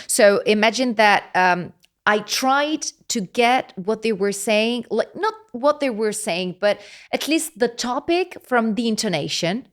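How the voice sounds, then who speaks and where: A young Italian woman speaking English as a guest in a casual chat, animated and laughing as she explains with examples. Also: fairly high pitch, measured pace. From Italy.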